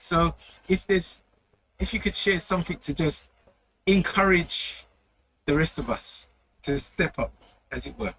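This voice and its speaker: Man, slightly high, raspy gravelly voice, measured church panel moderator. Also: a bit bright, low-quality recording. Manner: slow, searching phrasing with pauses.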